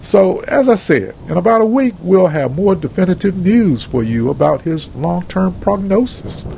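A man voicing a calm male hospital doctor who speaks in a measured, formal way. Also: sits high, gravelly, a little hiss or hum, exaggerated voice, rough recording. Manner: measured, formal bedside manner.

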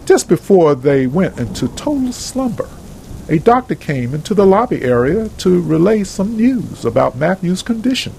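A man's voice: fairly high pitch, very animated, measured pace, gravelly, a little mellow, slight background noise, poor audio. A man reading a story aloud in a plain, earnest storybook narration.

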